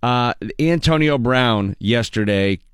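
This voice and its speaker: A man's voice: mid-range voice, expressive, slow pace, smooth, no echo. A man hosting a radio morning show, chatting casually in an upbeat promotional way with some fillers. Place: radio studio. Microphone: studio microphone. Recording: dry close studio mic.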